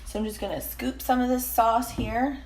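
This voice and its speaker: A woman's voice: a little high, fairly even intonation, normal speed, darkish tone. Chatty woman rambling through a cooking vlog. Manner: chatty, rambling, self-deprecating asides. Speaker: cooking vlogger. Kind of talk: casual cooking demonstration. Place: home kitchen.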